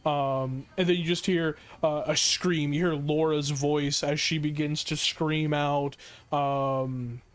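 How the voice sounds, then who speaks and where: A man's voice: a little high, fairly even intonation, takes it slowly, smooth. A man running a tabletop horror game as game master, narrating vividly with many fillers.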